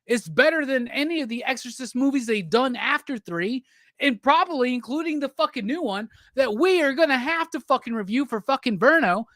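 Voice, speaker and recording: A man's voice: very high-pitched, lively intonation, a little fast, pushed and bright, no room sound, studio quality. A man hosting a casual livestream chat, drunk, profane and teasing as he rambles. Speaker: livestream host.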